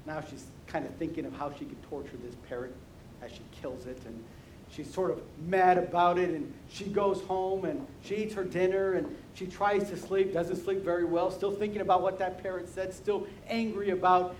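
A male preacher delivers an emphatic sermon and slips easily into storytelling, doubling back on words as he goes. His voice is on the high side and rings out in a roomy church hall over a faint rumble.

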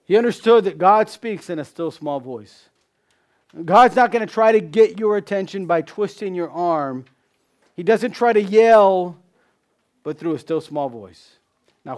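A man preaching a sermon, asking rhetorical questions, repeating key phrases, and dropping from loud emphasis to hushed tones. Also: high voice. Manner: swings between loud emphasis and hushed drops.

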